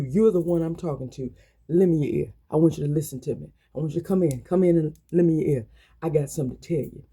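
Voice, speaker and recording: A woman delivers a weekly motivational message like a sermon. Her voice is very dark and mellow, with a husky edge. She leans on repeated questions and draws out words for emphasis. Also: lowish voice. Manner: repetitive call-and-response, drawn-out emphatic phrases. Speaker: motivational speaker. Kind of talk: preaching motivational encouragement.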